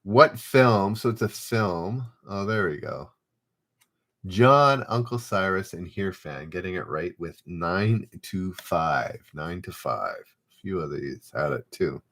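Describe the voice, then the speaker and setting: Running a live trivia game online, this host speaks slowly in a low, slightly bright and expressive voice. He reads each question out, then keeps up casual chatter as he waits for answers.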